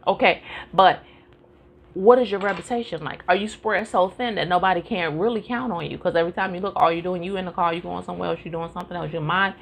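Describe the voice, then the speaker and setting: A woman teaching a live-streamed Bible study in an animated, preacherly way, calling out to her listeners and urging them on. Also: on the low side, quick pace, vocal fry, a little hiss or hum. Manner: animated, preacherly call-and-response.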